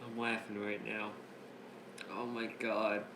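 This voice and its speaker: A man reviewing a wrestling show in a casual recap. He is excitable and rambling, keeps restarting his sentences, and breaks up laughing as he retells the jokes. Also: on the low side, takes it slowly, noisy background. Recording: roomy echo, faint ambience.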